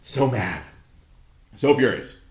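A man's voice: medium pitch, animated, takes it slowly. A man in his thirties hosting a podcast, telling an exasperated, profanity-laced story in casual chat. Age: 30s. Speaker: podcast host. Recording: roomy echo.

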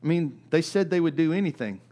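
A man preaching a sermon in a conversational way, often asking "right?", moving between loud, emphatic peaks and quiet, low stretches. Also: lively intonation, a little fast. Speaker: pastor.

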